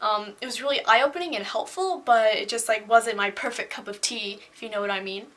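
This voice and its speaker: A young woman talks straight to her viewers in a chatty, candid vlog. She is pitched a little high and sounds bright and forceful, and she scatters fillers and restarts through her talk. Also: fairly quick. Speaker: vlogger. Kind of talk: casual talking-head vlog.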